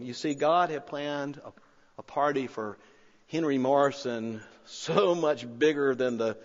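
A man preaching a sermon, telling a story with rising excitement and then pleading quietly and earnestly. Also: medium pitch, measured pace. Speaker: pastor. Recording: long-reverb hall, slightly dull sound.

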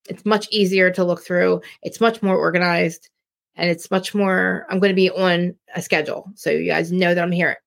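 A woman's voice: on the low side, gravelly. A woman from New Jersey with a Jersey accent, hosting a casual live-stream chat in a blunt, rambling way with many restarts. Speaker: live-stream podcast host.

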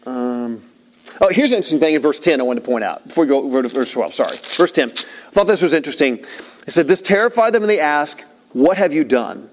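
A man preaching a sermon with lively, swooping pitch, often acting out little voices and scenes. His fairly high voice carries a long reverb, as if in a large church hall. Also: quick pace, slight background noise. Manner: animated, acting out voices and asides. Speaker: pastor.

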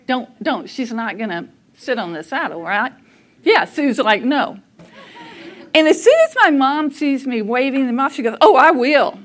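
Her voice sits high and her pace is measured as this middle-aged woman recounts a family story for a church audience. Animated throughout, she laughs often while acting out what others said.

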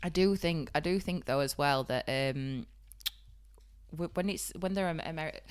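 A young woman with a broad Yorkshire accent, co-hosting a podcast in lively casual chat and laughing often. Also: low voice, moderate pace, clean tone. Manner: animated, laughs often, bursts loud. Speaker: podcast co-host.

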